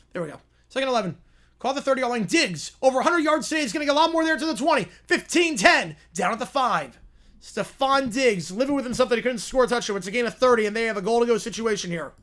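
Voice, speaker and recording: High-voiced man calling football plays. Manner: rises and slows into excited calls on big plays, drops to quiet asides answering chat. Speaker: live stream host doing play-by-play. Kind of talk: live play-by-play and chat with viewers.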